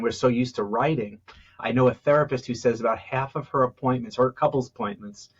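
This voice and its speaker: A man who works as a public speaking coach, talking in a podcast interview and acting out how stress and pitch change a phrase. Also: husky, dull audio. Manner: animated, demonstrates stress and pitch on example phrases.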